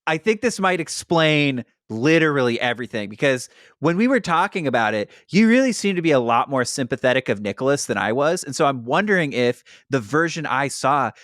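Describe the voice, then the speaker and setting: A man's voice: mid-range voice, brisk, no room sound, clean studio sound. A man hosting a podcast, chatting casually about a movie and swearing freely. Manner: animated, swears freely, acts out scenes. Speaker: podcast host. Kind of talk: casual movie review chat.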